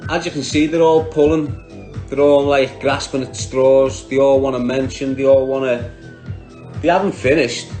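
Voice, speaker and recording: A man's voice: mid-range voice, level tone, normal speed, mellow, faint music behind. A man with a Liverpool Scouse accent, talking on a livestream, bluntly and combatively answering viewers by name. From Liverpool, England.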